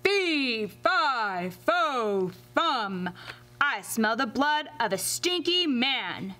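A woman voicing a huge, mean male giant who bellows slow, drawn-out demands. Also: big pitch swings, exaggerated voice. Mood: bellowing. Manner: booming and bossy, drawn-out shouts.

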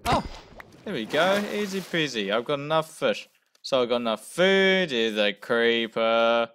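A young man casually commenting on his own gameplay, jumpy and talking himself through his fear, going from quiet muttering to loud yells. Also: mid-range voice, lively intonation, unhurried, noisy background. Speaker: gamer playing a first session. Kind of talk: casual let's-play commentary.

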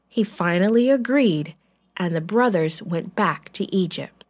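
Woman narrator, children's Bible story, gentle, clear, very slow, mid-pitched.

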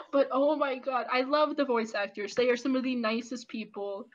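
A woman in her twenties giving casual, animated opinion commentary with lots of ums and restarts. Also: high voice, normal speed, background noise. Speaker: YouTube commentator. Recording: lo-fi dull audio.

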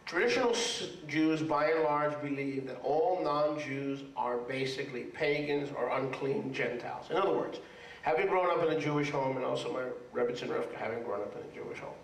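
A man's voice: mid-range voice, brisk, slight background noise. A man preaching to a congregation as a rabbi, emphatic and repetitive, often asking the audience if they follow. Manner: emphatic, repeats words for stress, asks the audience for agreement. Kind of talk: sermon. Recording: echoey room, mic at a distance.

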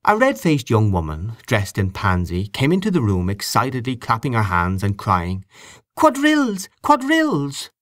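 Man reading a classic story aloud, low lively voice, dry close sound. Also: dry recording. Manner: measured, expressive storytelling. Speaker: narrator. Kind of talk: audiobook reading of literary fiction.

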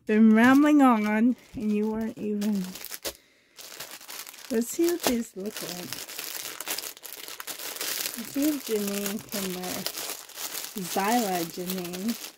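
A woman's voice: on the high side, background noise. A woman with a Canadian accent, chatting casually while unboxing, gushing, giggly and rambling. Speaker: reborn doll vlogger.

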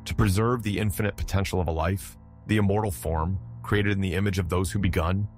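A man putting on a cruel devilish stranger in a dark storybook tale, mocking and snarling in a deep low voice, faint music drifting underneath. every line drips with menace and glee. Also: steady tone, brisk, lightly acted. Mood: gloating.

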